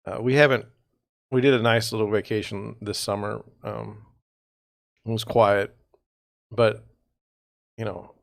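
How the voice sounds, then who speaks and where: Gravelly-voiced man ranting with exasperation. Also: fairly low pitch, level tone, unhurried, long pauses, dry recording, studio quality. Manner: rambling, exasperated ranting with sarcastic asides. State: tired, yawning. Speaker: real estate agent hosting a livestream. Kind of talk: casual livestream monologue.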